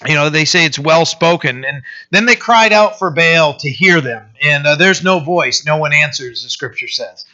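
A man with a fairly high, bright voice preaches in a loose, conversational way, often stumbling back over his words and tagging lines with "right?". The recording is dull and lo-fi. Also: animated, moderate pace, few pauses. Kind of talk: conversational sermon.

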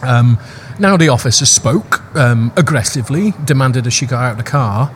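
A man's voice: mid-range voice, moderate pace, slight background noise. A British man hosting a casual podcast chat in Thailand, opinionated and often repeating words as he searches for them. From Britain.

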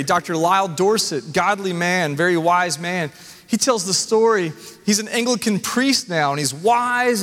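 A man preaching a sermon as pastor, earnest, with emphatic pauses. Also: sits high, fairly bright tone. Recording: long hall reverb.

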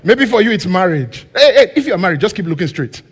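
A high-pitched man preaches in a church hall, his words trailing off in a long echo. He tells stories with lively energy, dropping to soft asides and then rising to excited shouts. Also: fairly quick, breathy edge. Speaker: guest preacher. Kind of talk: sermon with storytelling.

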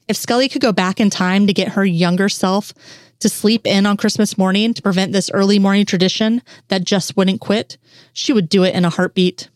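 A woman reading fan fiction aloud in a steady storytelling voice at a middle pitch. She is close to the mic. The sound is dry with no room in it. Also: moderate pace, no room sound. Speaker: reader.

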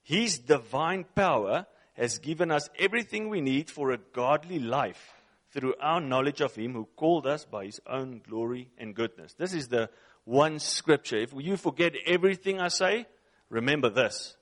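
This preacher, not a native English speaker, reads scripture and speaks with emphasis, repeating phrases and directing questions at his listeners. His mid-range voice is slightly bright, with lively intonation at a normal pace.

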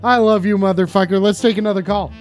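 A man hosting a live call-in show, excitable and giggly, fumbling his words as he talks. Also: high voice, fast, faint music behind. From Canada. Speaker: host.

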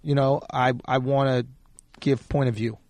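A man's voice: medium pitch, steady tone, normal speed, darkish tone, no echo. A man, a comedian guest, talking in a hesitant, rambling way with many fillers in casual podcast banter.

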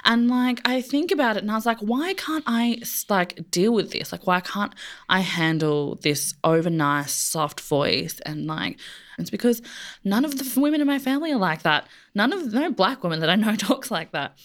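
A woman's voice: mid-range voice, animated, normal speed, a bit bright. A young woman, talking casually as a podcast guest, with many fillers and frequent laughs. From Australia. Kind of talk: casual chat.

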